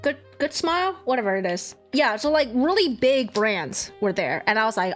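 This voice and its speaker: Animated young woman telling a story. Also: a little high, brisk, hardly any pauses, faint music behind. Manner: animated storytelling, swearing, acting out quotes. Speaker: streamer. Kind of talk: casual chat.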